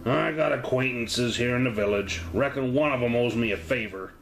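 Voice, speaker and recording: A weary coach driver who speaks in short, blunt lines, as a man voices him in his own register. He sounds like a flat, plain working man in a spoken tabletop game. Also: medium pitch, moderate pace, a little hiss or hum, natural voice, poor audio. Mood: grumbling.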